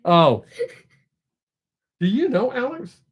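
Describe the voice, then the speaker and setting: The audio is dull, and the middle-aged man's voice is high, sing-song, very slow, and a bit rough. As host of a live stream, he chats casually and profanely with viewers, rambling and often starting over.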